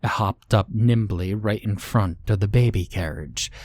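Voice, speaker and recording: A man reading a horror story aloud in slow, measured scripted narration. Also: on the low side, darkish tone.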